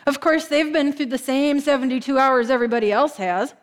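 A woman preacher telling a story in a sermon, slowing down and dropping her voice soft for emphasis. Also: high voice, steady tone.

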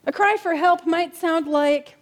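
In a church, a woman pastor gives a heartfelt sermon in a high voice, leaning on repeated words and asking "right?" to draw the congregation in. When she reaches tender, emotional lines, she slows down and grows soft and quiet.

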